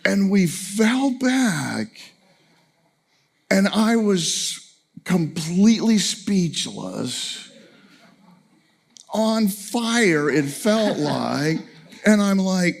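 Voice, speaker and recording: Animated man telling a funny story. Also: sits high. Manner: animated, laughing storyteller acting out dialogue. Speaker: family camp speaker. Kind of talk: storytelling talk to an audience.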